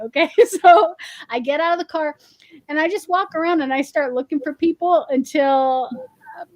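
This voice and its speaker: A woman telling a lively personal story in a casual chat, acting out the dialogue in it. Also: high voice, fairly quick, no room sound. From Massachusetts. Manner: animated storyteller acting out quoted dialogue with laughs. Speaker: founding president of a parent organization.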